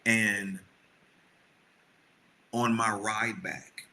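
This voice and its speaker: A middle-aged man co-hosts a podcast, chatting earnestly and at length with his wife in a casual, rambling way with many restarted sentences. His fairly low voice has little pitch movement, drawn-out words and a sharp tone, and the rough recording carries a little hiss or hum.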